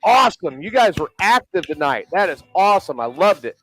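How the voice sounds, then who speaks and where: A man's voice: high-pitched, very animated, fairly quick, a bit bright, no room sound. A man co-hosting a podcast in loose, profane casual chat, laughing often. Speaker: podcast co-host.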